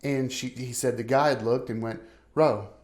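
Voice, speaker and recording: A man talking like a realtor telling a story over a market update. His pitch sits in a middle range. He keeps it loose and conversational, tossing in "right?" as he goes. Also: little pitch movement, moderate pace.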